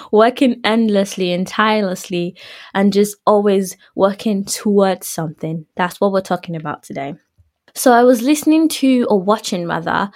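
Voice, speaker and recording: A woman's voice: mid-range voice, darkish tone. A young woman with a British accent hosting her own podcast in casual solo chat, rambling through asides and laughing often. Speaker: podcast host.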